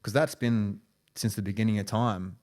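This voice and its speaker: A man's voice: on the low side, steady tone, normal speed, darkish tone. A man, a podcast guest, telling stories in casual conversation, rambling and restarting phrases, with frequent "you know" and "right".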